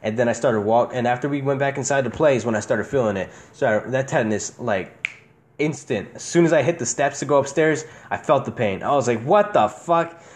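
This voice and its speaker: A man's voice: medium pitch, a little fast. Laughing, foul-mouthed young man telling stories. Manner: laughs often, swears freely, animated storytelling. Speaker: podcast host. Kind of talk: casual storytelling chat.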